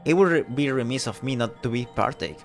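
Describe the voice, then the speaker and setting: A man voicing a flustered woman village mayor who sounds fretful, prim and high-strung. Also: expressive, fairly quick, soft background music, lightly acted.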